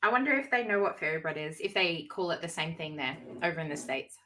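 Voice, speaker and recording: A bubbly Australian woman on a video call, her voice bright and sharp with a faint noise behind it. She giggles and teases her way through a relaxed live-stream chat. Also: deep voice, quick pace, low-quality recording. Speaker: livestream guest.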